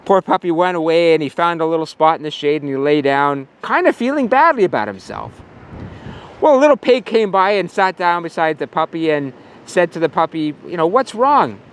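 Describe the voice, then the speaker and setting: A man's voice: on the high side, lively intonation, a little fast, slight background noise. A male pastor giving a casual sermon outdoors at a farm, telling a story with some fillers.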